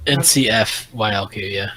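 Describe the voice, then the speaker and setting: A man chatting calmly with friends on a voice call during an online game, keeping the group organized. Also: lowish voice, moderate pace, no room sound, low-quality recording. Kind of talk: casual gaming chat.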